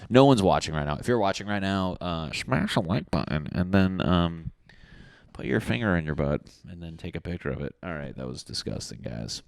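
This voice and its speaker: A young man hosting a solo comedy podcast, swearing and riffing, acting out angry neighbors in loud mock voices. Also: low-pitched, big pitch swings, normal speed, vocal fry, no echo. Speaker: podcast host.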